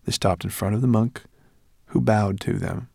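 Low gravelly male storyteller. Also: fairly even intonation, normal speed, a little mellow, no echo, clean studio sound. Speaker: audiobook narrator. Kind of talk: scripted narration.

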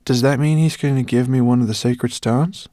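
A man's voice: medium pitch, fairly even intonation, moderate pace, dark tone, dry recording, studio quality, voice pushed up, lightly acted. A man voicing an earnest, curious young boy in a storybook reading. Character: curious excited young boy, dragon rider.

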